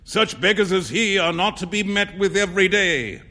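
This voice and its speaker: A flamboyant, self-assured painter holds forth in a storybook reading, put on by a man. His voice rides higher than usual and swoops with lively, emphatic exclamations. He sounds theatrical and boisterous. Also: moderate pace, in a large hall.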